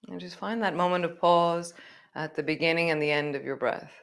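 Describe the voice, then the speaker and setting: A woman guiding a live yoga class, chatty and relaxed, laughing at herself. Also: lowish voice, a little fast, gravelly. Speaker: yoga teacher.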